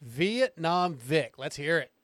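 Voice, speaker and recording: A man hosting a casual podcast, excitable and rambling, who swears freely. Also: a little high, takes it slowly, no echo. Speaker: podcast host.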